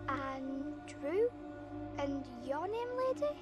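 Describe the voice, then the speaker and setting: A woman's voice: high-pitched, very animated, takes it slowly, full character voice. A quaint old-time village girl. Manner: formal old-fashioned speech. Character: young village woman of old times, gentle and odd. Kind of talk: video game voice acting. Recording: game music behind her.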